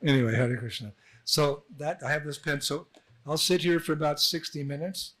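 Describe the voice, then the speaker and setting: Man, monk, storytelling sermon, raised pitch, acted-out dialogue. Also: steady tone, moderate pace, a bit bright. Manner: storytelling, acts out dialogue with laughs. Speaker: monk giving a temple address. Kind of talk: informal sermon with anecdotes. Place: temple hall.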